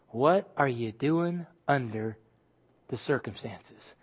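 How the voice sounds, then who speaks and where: A man's voice: medium pitch, slow, husky. Emphatic male pastor preaching a sermon. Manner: emphatic preaching, dropping to soft hushed lines.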